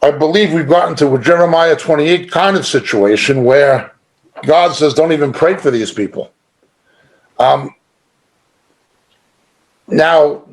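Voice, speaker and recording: A middle-aged male Bible teacher delivers a conversational sermon with firm emphasis and a light chuckle here and there. His voice sits fairly high, and he talks at a slow, deliberate pace. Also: vocal fry.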